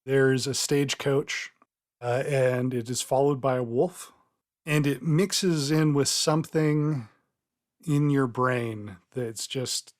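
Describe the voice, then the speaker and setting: A game master narrating a tabletop game with relaxed, descriptive storytelling and hesitant fillers. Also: medium pitch, slow.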